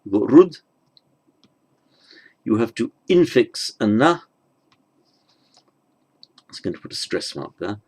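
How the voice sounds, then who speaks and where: Slow, gravelly-voiced man teaching grammar. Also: on the low side, big pitch swings, a little mellow. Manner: halting, thinks aloud with fillers and restarts; mutters asides under his breath. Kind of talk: online grammar lesson. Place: at a desk with a tablet.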